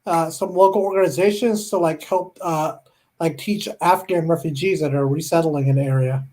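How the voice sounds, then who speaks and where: A man's voice: on the high side, moderate pace, a little mellow. A man chatting on an online show, speaking hesitantly with many fillers. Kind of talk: casual chat.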